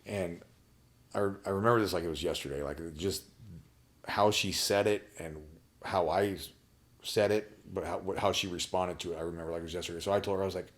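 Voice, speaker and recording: Deep-voiced man telling a blunt personal story. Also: steady tone. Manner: blunt, profane, halting with restarts. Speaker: podcast guest.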